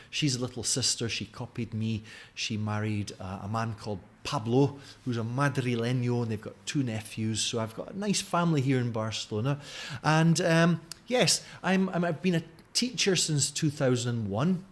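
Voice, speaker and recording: Mild Scottish man in his forties, teacher trainer talking to camera, friendly and chatty, middle pitch. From Scotland. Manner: friendly and chatty, with many fillers. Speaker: teacher trainer giving a conference talk. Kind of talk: recorded video talk to camera. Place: home at night. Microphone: camera in front of him.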